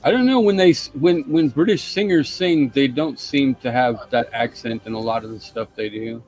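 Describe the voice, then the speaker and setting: A man's voice: mid-range voice, moderate pace, darkish tone, soft background music. Easygoing American man chatting on a stream. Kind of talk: casual live-stream chat.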